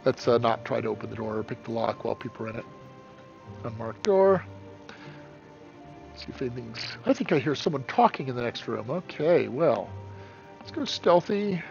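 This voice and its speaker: A man's voice: mid-range voice, animated, creaky, darkish tone, dull audio, soft background music. A man, one of the game's developers, casually playing through it on a live stream and reading the game's dialogue aloud. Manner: casual, reads character lines in quickly dropped voices. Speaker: game developer playing his own game. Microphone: desk microphone.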